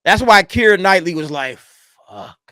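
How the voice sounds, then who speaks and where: A man's voice: sits high, big pitch swings, moderate pace, pushed and bright, dry recording. A man hosting a casual reaction commentary, talking animatedly and profanely back at a clip. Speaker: commentary channel host.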